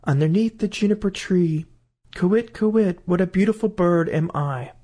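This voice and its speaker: A man's voice: high voice, moderate pace, warm tone, pitched above the performer's own voice. A man voicing a magical songbird, a murdered boy reborn, chanting its lament in a lilting singsong. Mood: eerie singsong.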